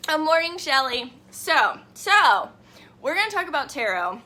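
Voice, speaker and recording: Woman, 30s, bubbly live-stream tarot teacher, bright voice, a bit high. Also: big pitch swings, a little slow. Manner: bubbly, chatty, greets viewers by name. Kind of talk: casual morning live stream.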